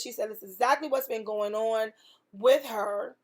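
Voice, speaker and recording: A woman's voice: fairly high pitch, normal speed, darkish tone. A woman hosting a faith podcast, telling a testimony in an earnest, emphatic way with preaching repetition. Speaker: podcast host.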